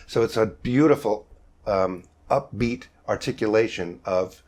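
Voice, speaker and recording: An older man teaches a vocal jazz masterclass in a fairly low, darkish voice, talking unhurriedly and lingering on fillers. To illustrate each technique, he breaks into sung bass syllables.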